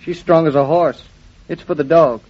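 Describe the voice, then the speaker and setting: An actor playing a cheerful young husband who dotes on a big dog, breezy and teasing, in vintage radio drama style. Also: male voice, on the high side, steady tone, normal speed, natural voice. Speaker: husband, an architect. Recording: dull lo-fi old recording.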